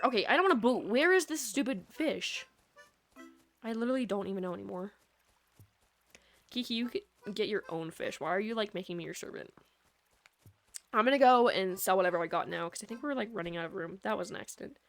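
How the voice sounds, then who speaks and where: A young woman from the American Midwest with a Midwestern accent, chatting casually and rambling while she streams a game, her sentences full of "like". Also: mid-range voice. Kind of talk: casual gameplay chat. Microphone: USB microphone. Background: soft lofi music.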